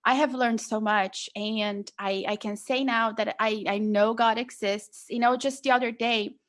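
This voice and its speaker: Earnest young woman guest, fairly high voice. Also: fairly even intonation, measured pace, fairly bright tone. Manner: earnest storytelling, many fillers like "like" and "you know". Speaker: podcast guest. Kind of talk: casual conversational interview.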